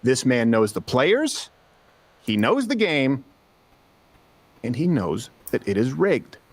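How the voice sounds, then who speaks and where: A man's voice: medium pitch, big pitch swings, slow, no echo. A male commentary host delivers scripted narration with emphasis, firing rhetorical questions at his listeners. His mid-range voice sits close and dry on the mic, with no room sound around it.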